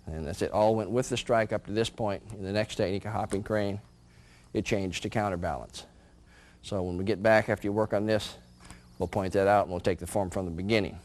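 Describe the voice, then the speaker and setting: Low-voiced man coaching martial arts. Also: steady tone, fairly quick, darkish tone. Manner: calls out moves while performing them; chuckles between counted steps. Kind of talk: demonstrating martial arts moves. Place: indoor training room.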